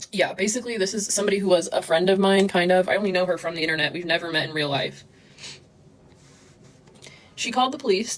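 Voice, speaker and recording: A young woman livestreaming, talking fast and agitated, swearing and replying to chat comments. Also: fairly low pitch, fairly bright tone. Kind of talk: livestream rant.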